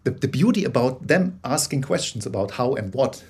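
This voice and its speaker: A man's voice: medium pitch, lively intonation, normal speed, a little mellow, husky. A man being interviewed as a guest, explaining his ideas with frequent restarts and tag questions like "yeah?". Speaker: guest storyteller. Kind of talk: interview conversation.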